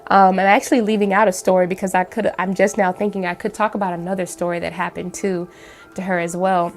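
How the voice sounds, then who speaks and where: A woman's voice: on the low side, flat delivery, fast talker, soft background music. A woman hosting her own channel, telling a story to the camera at home in a rambling, casual way with many fillers and restarts. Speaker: channel host.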